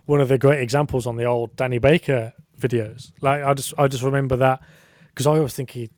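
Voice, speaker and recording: A man's voice: mid-range voice, fairly even intonation, a little fast, a little mellow, no room sound, clean studio sound. A man chatting casually on a podcast, rambling and self-deprecating. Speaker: podcast co-host. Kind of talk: casual chat.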